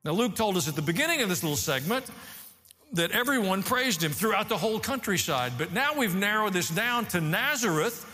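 A man preaching a sermon as pastor, animated, rising and falling as he teaches. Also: high-pitched, a little fast, long reverb tail, faint music behind.

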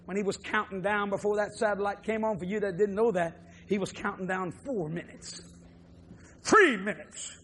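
A man preaching a televised sermon, swinging from low murmurs to loud shouting. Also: moderate pace, a little hiss or hum.

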